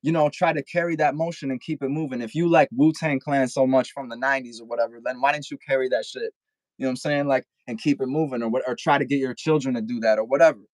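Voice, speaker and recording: A man's voice: mid-range voice, fairly even intonation, quick pace, darkish tone, no echo, low-quality recording. A young man talking casually as a guest rapper on a podcast, rambling and swearing with lots of filler "like", over a video call.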